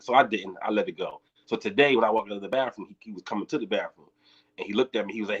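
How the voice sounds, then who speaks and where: A man's voice: fairly low pitch, rapid-fire, breathy edge. A man, a comedian, telling a story in casual chat, laughing as he goes and quoting people in their voices. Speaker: guest comedian. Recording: dull lo-fi audio.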